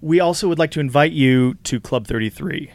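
Animated man telling a story with laughs. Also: on the high side, brisk, creaky, no echo. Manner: animated, laughs often, acts out quoted voices. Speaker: podcast guest. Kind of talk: casual storytelling chat.

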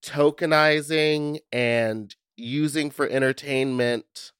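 A man co-hosting a podcast in casual chat, giving thoughtful, measured opinions. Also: a little high, fairly even intonation, a bit bright, clear, resonant tone, no room sound, studio quality. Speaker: podcast co-host.

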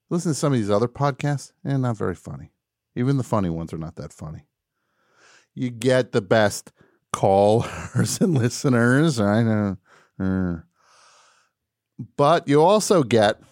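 A man hosting a live call-in radio show, wry and mock-boastful, dropping to quiet mumbles and rising to shouts. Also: lowish voice, no room sound, studio quality.

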